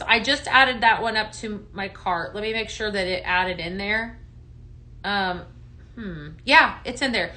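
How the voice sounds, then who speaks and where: A woman's voice: medium pitch, bright, forceful tone. Chatty woman hosting a live product show. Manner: chatty, thanks viewers by name, many ums. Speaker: live shopping show host. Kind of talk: casual live sales demo.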